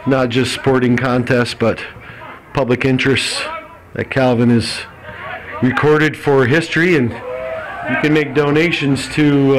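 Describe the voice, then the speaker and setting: A man doing casual color commentary at a local game while also running the camera, easygoing in manner. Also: mid-range voice. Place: outdoor sports field. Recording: noisy outdoor field broadcast.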